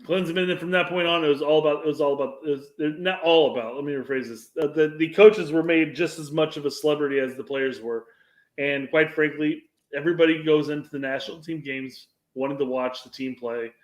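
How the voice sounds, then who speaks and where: A man co-hosting a soccer podcast in casual chat, often halting and restarting his sentences. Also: on the high side. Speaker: podcast co-host. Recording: roomy echo.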